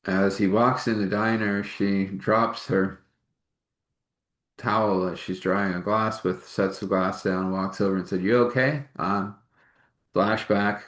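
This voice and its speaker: A man telling a personal story out loud in a halting, rambling way, with fillers and restarts. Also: fairly low pitch. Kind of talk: casual spoken storytelling.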